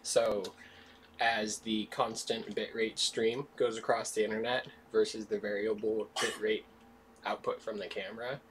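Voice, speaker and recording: A man's voice: on the low side, level tone, measured pace, a bit bright, low-quality recording. A man chatting casually off camera at home, explaining technical details in an offhand way. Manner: offhand, explains tech plainly. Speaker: host's husband. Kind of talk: casual chat. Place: home room. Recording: off-camera voice with clear background noise.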